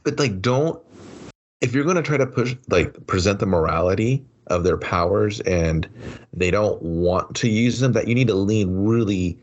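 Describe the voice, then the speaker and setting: A man's voice: fairly low pitch, moderate pace, lo-fi sound. A man co-hosting a movie review podcast, chatting casually and sarcastically, acting out characters as he recaps. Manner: laughing, sarcastic, voices characters while recapping. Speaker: podcast co-host.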